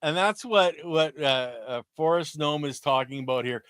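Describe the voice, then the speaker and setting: A man's voice: fairly high pitch, moderate pace, fairly bright tone, clean tone, dry recording, clean studio sound. A man co-hosting a gardening livestream, chatting casually and explaining things in plain everyday terms.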